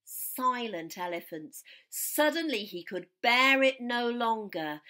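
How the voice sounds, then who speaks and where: Animated woman teacher reading a story. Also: on the high side, slow, few pauses. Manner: animated storytelling that leads children in sound effects. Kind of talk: children's musical story time.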